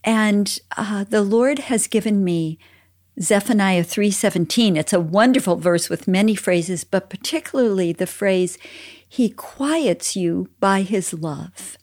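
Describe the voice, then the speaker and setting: An older woman co-hosting a Christian parenting talk, telling family stories in a gentle, earnest way. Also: mid-range voice, a little slow. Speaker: podcast co-host, mother.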